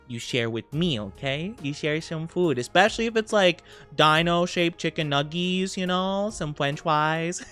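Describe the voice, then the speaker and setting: A man's voice: a little high, a little slow, few pauses, fairly bright tone, soft background music. A bubbly, giggly young man chatting casually with his live-stream audience. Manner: bubbly and giggly, talking straight to chat.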